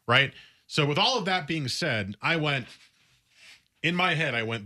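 A man's voice: fairly high pitch, animated, unhurried, bright, forceful tone. A man co-hosting a sports radio show, talking in a casual, emphatic and opinionated way.

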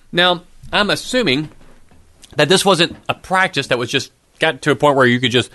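A man's voice: medium pitch, a bit bright. A middle-aged man preaching a sermon in a conversational way, asking rhetorical questions.

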